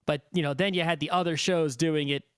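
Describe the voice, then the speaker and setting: A man's voice: a little high, fairly even intonation, fairly quick, fairly bright tone, clear, resonant tone, no echo. A man co-hosting a podcast, talking in a rambling way that is full of "right?" and "you know". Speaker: podcast co-host. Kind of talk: casual discussion.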